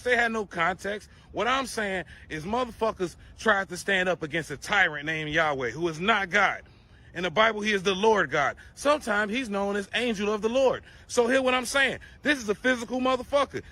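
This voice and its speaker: A man's voice: sits high, bright, forceful tone. A man delivering a profane conspiracy rant to camera, preachy and crude, firing off rhetorical questions.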